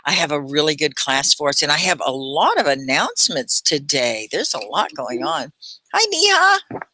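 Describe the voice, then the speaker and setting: A woman hosting a live online English class, greeting students warmly and praising them. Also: sits low, expressive, slight background noise. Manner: effusive, praising and welcoming; talks slowly at points for learners. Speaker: English teacher hosting a livestream.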